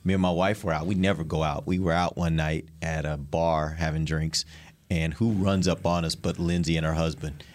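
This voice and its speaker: A man's voice: rumbling low, steady tone, normal speed, a little mellow. A man hosting a casual sports chat, leading the segments and asking questions. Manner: leads the segments, asks questions. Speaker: host.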